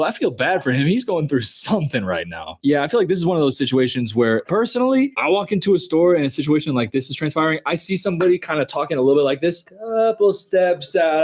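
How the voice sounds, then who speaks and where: Animated, husky-voiced man reacting. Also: fairly high pitch. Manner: animated, laughing, incredulous. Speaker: reaction video host. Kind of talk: casual reaction commentary.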